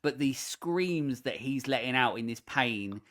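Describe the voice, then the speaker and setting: A man of mid pitch chats casually about a movie on a podcast. He rambles, restarts and piles on fillers as he walks through the plot with animated energy. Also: a little slow. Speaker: podcast host. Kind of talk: casual film discussion.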